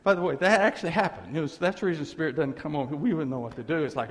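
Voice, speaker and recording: In a church sanctuary with a hall's long reverb, a middle-aged pastor delivers a storytelling sermon of rambling, folksy tales and laughing asides. His slightly high voice races along very fast with hardly any pauses.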